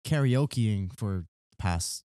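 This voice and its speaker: A man's voice: fairly low pitch, lively intonation, takes it slowly, warm tone, no echo, clean studio sound. A man from Canada co-hosting a podcast in casual late-night chat, easygoing and playful. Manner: easygoing, laughing, playful banter. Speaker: podcast co-host.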